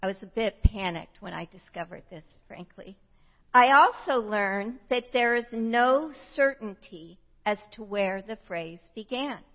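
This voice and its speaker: A woman in her fifties from the United States delivers a reflective sermon at an unhurried pace. Her voice sits mid-range for a woman. The recording is slightly muffled and carries a long reverb from a large church room. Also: mid-range voice, animated. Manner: reflective storytelling, slow and measured. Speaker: preacher. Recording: dull sound with long hall reverb.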